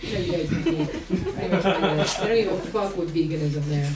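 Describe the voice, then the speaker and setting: A woman's voice: low-pitched, fast. A woman comedian doing stand-up, teasing the audience in a brash, profane way. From Albania. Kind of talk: stand-up comedy with crowd work. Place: comedy club stage before a live audience. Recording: roomy club sound, distant, crowd noise.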